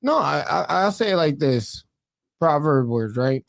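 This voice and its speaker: Middle-aged man, podcast host, relaxed slangy talker with a slightly raised voice. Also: fairly high pitch, moderate pace, gravelly. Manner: laid-back slang, swears casually. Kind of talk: casual chat. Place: studio podcast set.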